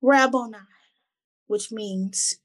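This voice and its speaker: A woman's voice: on the high side, slow. A woman reading Bible verses and reflecting on them in an earnest, conversational way, often repeating words as she gathers her thoughts. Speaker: Bible study co-host.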